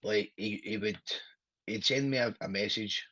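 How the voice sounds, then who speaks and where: A Scottish man with a husky, low-pitched voice chats as a podcast guest, blunt, sweary and quick to laugh. The audio is dry and dull, with a lo-fi feel. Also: pushed and bright, no room sound. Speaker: wrestler guest. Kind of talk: casual podcast chat.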